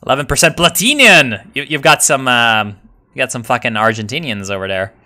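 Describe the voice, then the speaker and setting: A man streaming a strategy game and reading chat. He is excitable and profane, and he swings from mumbled asides to loud outbursts. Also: mid-range voice, a little fast. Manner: excitable, profane, jumps between mumbling and shouting. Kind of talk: live gameplay commentary, reading chat.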